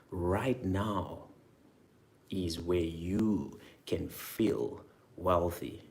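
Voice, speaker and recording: A man with a very low voice coaches viewers on their money mindset. He leads them through guided imagining with repeated prompts and punchy, energetic emphasis. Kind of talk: motivational guided talk to viewers.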